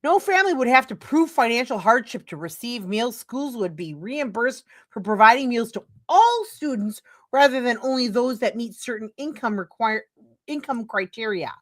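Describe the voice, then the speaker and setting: A woman's voice: on the high side, very animated, normal speed. A middle-aged woman streaming commentary, reading a text aloud and breaking into heated, profane, sarcastic rants. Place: home streaming setup.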